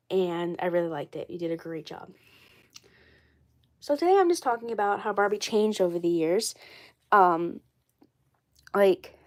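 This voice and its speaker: A woman talks loosely on a live stream, her voice stuffy and congested from a cold. She sits at a middling pitch and rambles, circling back and repeating herself with plenty of "like" and "you know". The sound is dry and close, with no room around it. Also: dry recording. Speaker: doll collector vlogger. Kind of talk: casual live-stream chat.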